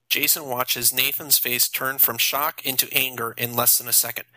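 A man narrating an audiobook in a steady, even storytelling manner. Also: mid-range voice, normal speed, dry recording, low-quality recording.

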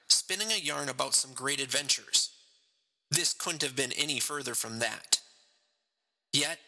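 A man reading his own short story aloud in slow, measured storybook narration. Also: medium pitch, creaky, pushed and bright. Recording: long reverb.

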